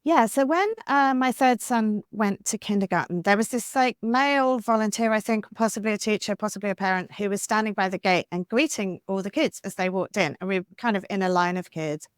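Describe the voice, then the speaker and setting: A woman author being interviewed on a podcast, talking in an animated, talkative way with lots of "like" and "you know.". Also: mid-range voice, a little fast, few pauses, clear, resonant tone, no room sound, studio quality. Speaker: author guest.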